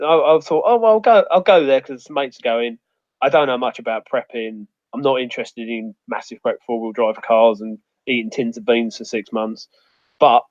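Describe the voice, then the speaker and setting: A man's voice: mid-range voice, no room sound. A man with a rambling, sweary storytelling manner in a casual outdoors chat. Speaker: outdoors guest. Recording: muffled dry audio.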